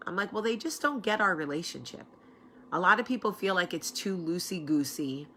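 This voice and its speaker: A woman from New Jersey with a heavy New York accent, hosting a casual talk show and telling funny stories, animated and swearing freely. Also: fairly low pitch, normal speed, slight background noise. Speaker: host. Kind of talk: casual storytelling chat.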